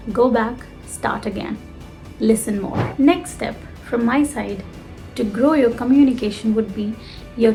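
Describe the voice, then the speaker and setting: Female English coach, fairly high voice, animated teaching delivery, soft music underneath. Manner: lively, emphatic, addresses the viewer directly. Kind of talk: direct-to-camera lesson.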